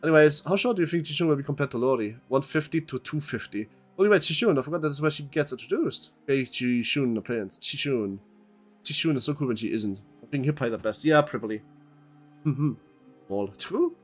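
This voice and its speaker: Fast-talking chatty male streamer. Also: medium pitch, animated, soft background music. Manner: rambling, chatty, thanks chat members, swears. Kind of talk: casual gameplay commentary, reading game text aloud.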